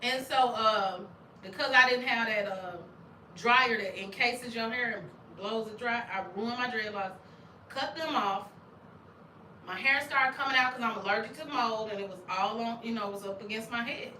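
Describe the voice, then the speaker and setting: A middle-aged woman from Arkansas, hosting a casual chat, animated and laughing often with loud exclamations. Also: fairly high pitch, normal speed, slight background noise. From Arkansas, USA. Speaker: channel host. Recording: roomy sound, distant from mic.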